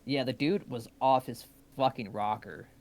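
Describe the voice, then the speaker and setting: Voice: medium pitch, normal speed, darkish tone. Casual, swearing chat partner.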